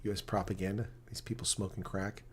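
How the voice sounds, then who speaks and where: A man's voice: low voice, flat delivery, quick pace, a little hiss or hum. A man chatting casually on a live stream, rambling between viewer comments and rugby talk.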